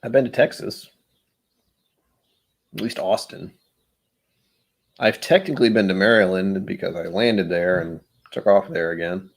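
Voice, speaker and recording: A man's voice: low-pitched, unhurried, creaky, pauses often, slightly rough. A man hosting his own vlog, rambling through casual solo musings with self-deprecating humor. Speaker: vlog host.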